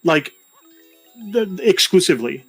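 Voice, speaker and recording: A man's voice: high voice, big pitch swings, creaky, a bit bright, breathy edge, faint music behind. A man co-hosting a stream debate who insists on reading out a definition and repeats himself to hold the floor. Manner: insistent, reads a text out deliberately and repeats himself.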